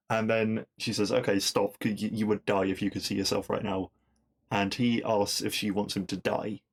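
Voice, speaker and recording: Male podcast host, young, low voice with fry, casual enthusiastic recap. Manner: chatty, enthusiastic recapping with quoted lines.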